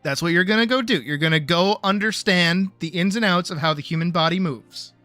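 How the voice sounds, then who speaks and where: A man with a high, bright voice is teaching art on a casual stream. He is blunt, cheeky and profane, and faint music sits under his talk. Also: fairly quick, no echo. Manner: blunt, teasing, profane, lecturing with playful bravado.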